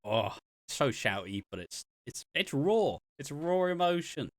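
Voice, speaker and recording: A man's voice: on the high side, big pitch swings, unhurried, dry recording, studio quality. A man co-hosting a podcast, recapping soap episodes in chatty, casual talk and often laughing. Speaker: podcast co-host.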